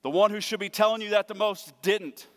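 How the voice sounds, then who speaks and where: A man's voice: sits high, fairly even intonation, a little fast. Earnest man preaching in a reverberant hall. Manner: earnest, swings from hushed to emphatic. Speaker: pastor. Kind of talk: sermon. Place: church sanctuary.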